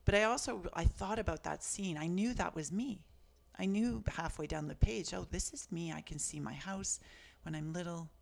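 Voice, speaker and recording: Reflective woman with a creaky voice. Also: lowish voice, normal speed, hardly any pauses. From Canada. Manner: earnest, reflective, soft-spoken. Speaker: guest, author. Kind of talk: personal storytelling in conversation.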